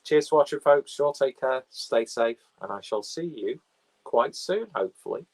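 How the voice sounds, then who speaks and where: A man's voice: medium pitch, lively intonation, normal speed, creaky, a little mellow, low-quality recording. A man hosting a casual film podcast, rambling and offhand with crude jokes, recorded on a phone camera. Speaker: podcast host.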